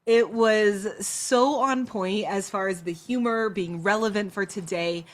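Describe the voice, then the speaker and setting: A woman's voice: medium pitch, unhurried. Upbeat woman hosting an interview. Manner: upbeat and encouraging. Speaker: interview host. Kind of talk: casual interview chat. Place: club venue indoors.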